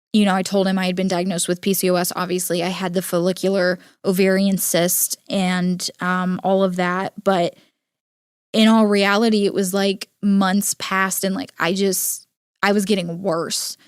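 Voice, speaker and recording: A young adult woman hosting a podcast, telling a personal story in an earnest, halting way with many filler words. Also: medium pitch, flat delivery, smooth, no echo, studio quality. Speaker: podcast host. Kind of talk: personal storytelling, casual monologue.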